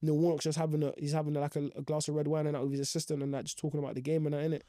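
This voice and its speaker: A man's voice: a little high, little pitch movement, racing, mellow, dry recording, studio quality. A young man, recounting his football career in slangy, rambling casual talk full of fillers. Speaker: professional footballer guest. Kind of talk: casual storytelling.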